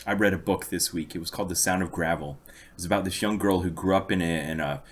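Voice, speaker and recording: Deep-voiced man telling long anecdotes. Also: fairly even intonation, fast, husky. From United States. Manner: long anecdotes told with dry amusement. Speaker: podcast co-host. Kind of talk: casual chat, storytelling.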